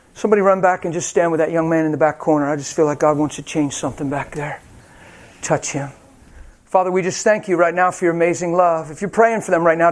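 A man's voice: a little high, darkish tone. A man preaching a sermon, telling personal stories in a conversational way with frequent laughter, then leading a healing prayer. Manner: conversational storytelling, laughs often.

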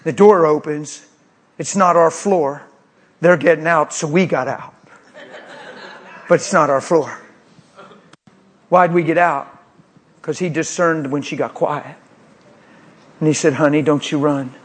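A man preaching a sermon, telling a story with acted-out voices, moving between hushed tones and shouts. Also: fairly high pitch, slow pace, pauses often, husky. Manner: animated, acts out voices, swings from hushed to shouting.

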